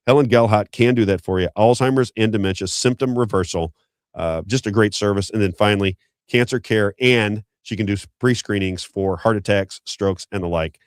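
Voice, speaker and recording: Fast-talking folksy man, low voice. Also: no room sound, studio quality. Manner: fast, chatty, folksy sponsor plugs. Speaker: show host. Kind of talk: unscripted talk-show ad reads and banter.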